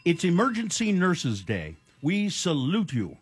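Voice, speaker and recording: A man's voice: a little high, huge pitch swings, unhurried, few pauses, breathy edge. A man hosting a morning radio show, rambling with lots of fillers and dry jokes. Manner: rambling, filler-heavy, jokey. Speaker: radio host.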